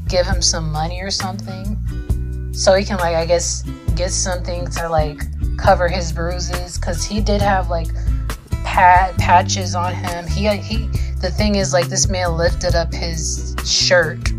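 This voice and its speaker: A young woman telling a story in a casual vlog, swearing often and filling her speech with "like". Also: fairly low pitch. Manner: swearing, lots of "like" fillers, animated retelling.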